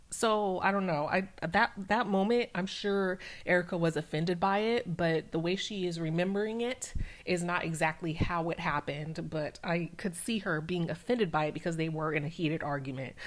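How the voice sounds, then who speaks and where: Chatty woman recapping reality TV. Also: lowish voice. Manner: chatty, animated retelling with many fillers. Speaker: recap channel host. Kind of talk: casual TV recap.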